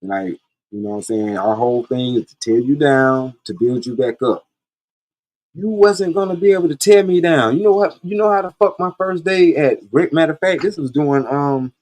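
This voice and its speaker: A podcast host from Columbia, South Carolina, tells stories in a mid-range, darkish voice. His monologue is casual, blunt, profane, and laid-back.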